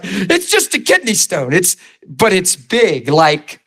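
Male preacher, 30s–40s, lively testimony delivery with wide pitch swings and frequent laughs. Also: a little slow. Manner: animated, laughs often, acts out scenes. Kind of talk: sermon testimony storytelling.

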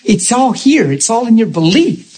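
Man preacher, 40s, husky, high voice, animated storytelling sermon. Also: moderate pace. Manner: animated, acts out dialogue with laughter.

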